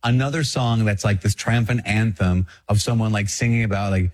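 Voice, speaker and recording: A man, a priest, talking casually to camera in an online video, chatty and self-mocking with animated asides. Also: lowish voice, fairly quick, hardly any pauses.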